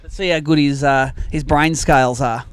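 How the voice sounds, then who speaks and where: An Australian man with a high voice hosts a live fishing weigh-in. He jokes and teases the anglers as he reads out their bag weights. The sound is close and dry. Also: steady tone, moderate pace, clear, resonant tone, dry recording. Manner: joking, chatty, teasing anglers. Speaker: tournament host.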